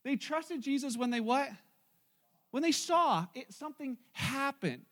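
A man's voice: extremely high pitch, animated, unhurried, fairly bright tone. A man preaching a sermon in church, retelling a Bible story in a casual, joking way to his congregation. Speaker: pastor.

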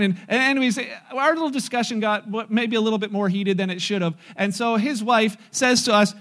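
A man in his forties, a pastor, giving a conversational sermon full of animated family stories, acting out voices and laughing. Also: sits high, fast talker, few pauses. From North America. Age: 40s.

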